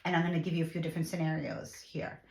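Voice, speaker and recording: A woman's voice: sits low, steady tone, fast, creaky, slight background noise. Chatty woman giving a tarot reading. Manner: chatty, repeats words, many fillers. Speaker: tarot reader. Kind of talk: casual tarot reading to camera.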